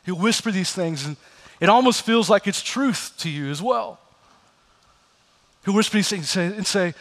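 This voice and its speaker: Telling stories from the pulpit of a church sanctuary, a pastor acts out each quoted voice as he preaches. He speaks high and expressively at a moderate pace, pausing often, his fairly bright tone filling a large hall.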